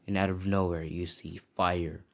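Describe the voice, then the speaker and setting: A young man with a low, deep voice tells an improvised story in a casual way. He rambles and stops now and then to recall names and details. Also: flat delivery, a little slow, gravelly.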